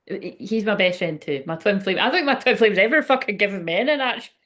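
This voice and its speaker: A woman talks casually on a home livestream, rambling from thought to thought with frequent swearing and breathless half-finished sentences. Her voice sits at a middle pitch. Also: expressive, quick pace, fairly bright tone. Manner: rambling, emotional, swears freely, frequent laughs. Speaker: psychic medium livestream host.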